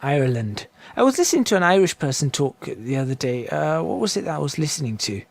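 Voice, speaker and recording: A man's voice: fairly high pitch, big pitch swings, fast, vocal fry. Chatty man narrating his gameplay. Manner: chatty, rambling, self-correcting. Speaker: gaming channel host. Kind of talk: casual gameplay commentary. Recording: game sounds and noise behind voice.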